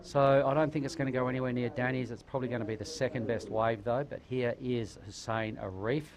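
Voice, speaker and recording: A man's voice: medium pitch, fairly even intonation, fairly quick, a crowd in the background. A man commentating live surfing with laid-back banter and local slang. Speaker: surf commentator.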